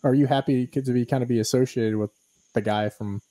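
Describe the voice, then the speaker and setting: A man hosting a podcast with a mellow, warm tone at an ordinary pitch. He chats in a laid-back, jokey way and ribs his guest. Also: fairly even intonation, fairly quick, poor audio. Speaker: podcast host. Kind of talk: casual interview chat.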